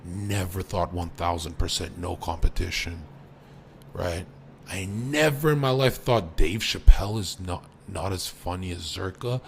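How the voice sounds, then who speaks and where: A young man with a low, gravelly voice runs a boastful, profane live stream rant. He swings from loud outbursts down to low mutters. A faint hiss sits underneath. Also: measured pace. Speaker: livestreamer.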